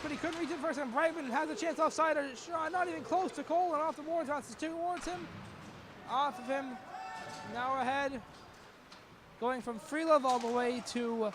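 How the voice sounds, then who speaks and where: A young man with a very high voice calls a hockey game play by play. He talks quickly and excitably and breaks into shouts on every scoring chance, over a loud, noisy rink. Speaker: play-by-play commentator. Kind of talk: live hockey play-by-play commentary.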